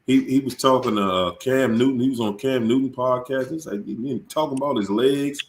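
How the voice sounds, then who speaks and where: A male host in casual live-stream chat, animated and preachy, often repeating his words. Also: mid-range voice, a little fast, roomy sound.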